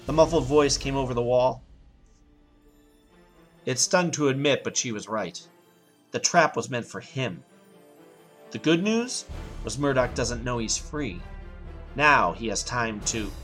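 A man narrating an action story in a steady reading voice. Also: mid-range voice, measured pace, long pauses, soft background music.

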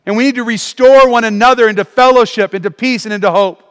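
A man preaching a sermon as pastor, animated and calling for responses from the congregation. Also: extremely high pitch, fast talker, long reverb tail. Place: church auditorium.

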